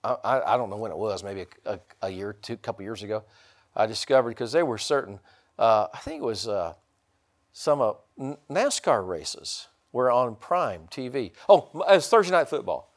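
Preaching at normal speed, a middle-aged pastor gives a homey, rambling sermon. Restarts come often, as do sudden excited outbursts that are high and loud.

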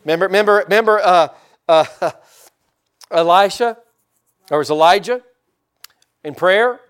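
A man's voice: high voice, measured pace, fairly bright tone, clear, resonant tone. A man preaching a conversational sermon and talking directly to his congregation. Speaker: pastor.

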